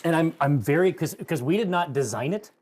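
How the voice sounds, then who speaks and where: A man playing in a tabletop role-playing game, talking casually and excitedly, often restarting his sentences. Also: fairly high pitch, brisk. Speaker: player.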